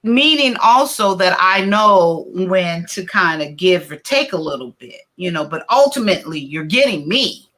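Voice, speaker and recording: Loud, bright-voiced woman host. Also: fairly low pitch, normal speed, few pauses. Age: adult. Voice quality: loud, expressive, laughs often. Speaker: podcast host. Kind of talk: casual chat.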